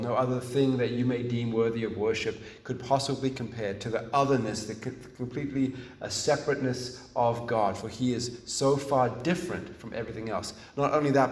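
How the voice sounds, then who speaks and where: A man's voice: medium pitch, a little mellow. Male preacher, earnest and emphatic, heard from a distance in an echoey room. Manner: earnest, emphatic, with frequent restarts and pauses. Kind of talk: sermon.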